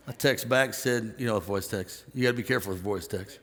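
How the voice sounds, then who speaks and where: Chatty pastor in a reverberant hall. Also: male voice, on the low side, quick pace, hardly any pauses. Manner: storytelling, animated quoting of others. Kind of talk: conversational sermon.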